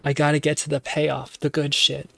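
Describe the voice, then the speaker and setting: A man's voice: fairly high pitch, completely flat delivery, moderate pace, vocal fry, sharp tone, no room sound. A young man giving casual, rambling commentary while streaming a game, full of fillers and self-interruptions.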